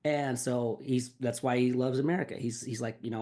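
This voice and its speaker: A man's voice: mid-range voice, fairly even intonation, fairly quick, few pauses, mellow. Rambling casual male podcaster. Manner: rambling, heavy filler words and swearing. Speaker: podcast host. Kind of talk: casual song breakdown.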